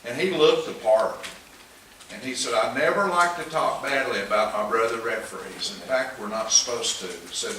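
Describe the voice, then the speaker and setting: A man's voice: mid-range voice, moderate pace. Folksy East Tennessee man, echoey room. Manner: folksy, joking, chuckles often. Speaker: Sunday school teacher. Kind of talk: casual church class talk. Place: church classroom. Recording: echoey room, mic far off, noisy.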